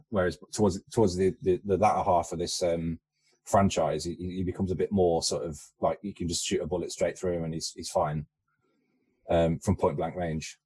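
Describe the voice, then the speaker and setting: Low-voiced man in halting film chat. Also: a little mellow, husky. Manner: halting, repeats words as he searches for them. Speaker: podcast co-host. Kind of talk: casual film discussion.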